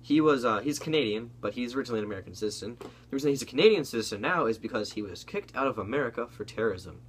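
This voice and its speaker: A man's voice: mid-range voice, expressive, rapid-fire, husky. A young man co-hosting a casual comedy chat, telling a gaming story with lots of fillers and swearing. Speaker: co-host.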